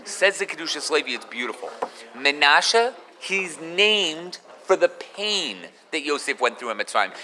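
A man teaching a Torah class in an animated way, mixing in Hebrew terms. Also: a little high, in a large hall, a little hiss or hum. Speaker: rabbi giving a Torah class.

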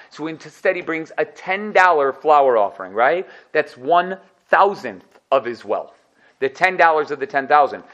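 A man teaching a Talmud class, lively and animated, repeating key phrases and asking rhetorical questions. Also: fairly high pitch. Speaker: Torah teacher. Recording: dull lo-fi recording.

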